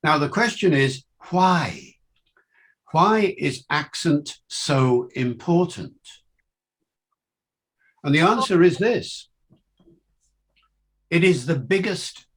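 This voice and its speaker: Older man, linguist lecture, very slow pace, emphatic, rhetorical questions. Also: on the high side, expressive, fairly bright tone. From Wales. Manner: measured, deliberate, emphatic phrasing with rhetorical questions. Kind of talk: academic lecture.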